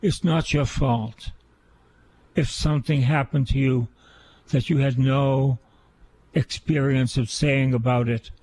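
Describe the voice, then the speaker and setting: A man's voice: mid-range voice, steady tone, slow, pauses often, a little mellow, slight background noise. A man, a priest, giving an earnest sermon on scripture and repeating key phrases for emphasis.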